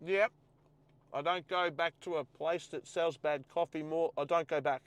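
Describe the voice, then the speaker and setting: Chatty Australian man, slightly high voice. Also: steady tone, normal speed. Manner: chatty, thinks aloud while setting up. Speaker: host. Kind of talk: casual live-stream chat. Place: in a car.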